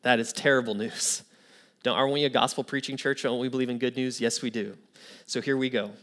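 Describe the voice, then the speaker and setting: Steady in tone and a little fast, this man's mid-range voice has a fairly bright quality. As a pastor giving a sermon, he first tells a story using quoted voices, then turns to earnest preaching to press his point.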